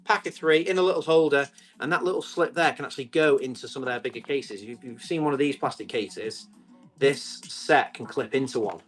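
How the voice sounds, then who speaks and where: A man, selling tools on a live stream, chatty and quick to describe each item and call out the bids. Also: mid-range voice, faint music behind. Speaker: live auction seller.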